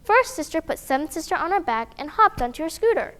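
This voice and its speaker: A woman reading a children's picture book aloud, animated and expressive, with sound effects. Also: extremely high pitch, fast. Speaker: storyteller.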